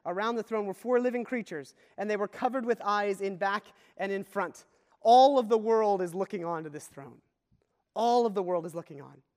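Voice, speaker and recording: High-voiced preacher in an echoing hall. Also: male voice. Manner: earnest, storytelling preacher with dramatic swings in volume. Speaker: pastor. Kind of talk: sermon. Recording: long reverb of a large hall.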